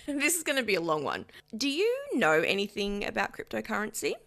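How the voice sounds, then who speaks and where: A woman's voice: mid-range voice, sing-song, fairly quick, vocal fry, fairly bright tone. A woman co-hosting a podcast, explaining a story in a playful, self-mocking way. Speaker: podcast co-host. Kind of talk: casual chat, explaining a story.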